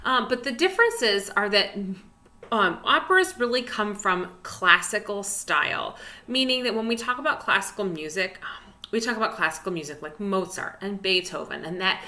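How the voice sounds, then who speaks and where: Bright, encouraging woman music teacher. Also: medium pitch. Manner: chatty and encouraging, many fillers. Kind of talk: online music lesson. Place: indoors at a desk.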